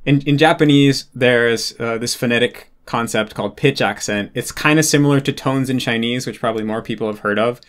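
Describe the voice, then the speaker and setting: A man's voice: medium pitch, fairly quick, hardly any pauses, a bit bright. A man explaining a concept in casual talk, working through examples with frequent restarts and fillers.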